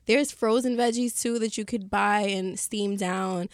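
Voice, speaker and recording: A woman speaks as a podcast guest in a relaxed, conversational way, often breaking into laughs as she gives practical tips. Her voice sits at a middle pitch and sounds close and dry, with no room around it. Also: a little slow, no echo. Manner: chatty, laughs often, giving practical advice. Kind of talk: casual podcast chat.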